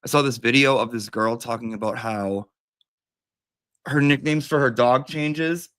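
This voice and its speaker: A man's voice: mid-range voice, a little slow, fairly bright tone. A man hosts a loose, casual chat, rambling from one thought to the next in a playful way. His voice sits in the middle range for a man. He wanders off his topic easily and keeps the talk light. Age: adult with a daughter. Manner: rambling and playful, calls a cat in a sing-song voice. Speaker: host.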